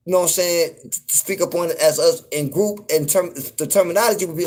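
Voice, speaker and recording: A man hosting his own show, talking in a loose, rambling commentary full of fillers and cursing, getting loud and incredulous when something riles him. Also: a little high, steady tone, quick pace. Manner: laid-back, rambling, frequent fillers and profanity. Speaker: podcast host. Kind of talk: casual commentary monologue.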